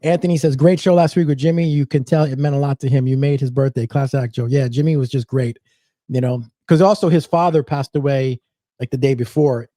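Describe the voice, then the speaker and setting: A man's voice: medium pitch, steady tone, fairly quick, warm tone, no echo, studio quality. A man with a New Jersey accent hosting a casual live show, reading viewer comments aloud in an easygoing way. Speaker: host. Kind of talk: casual livestream chat.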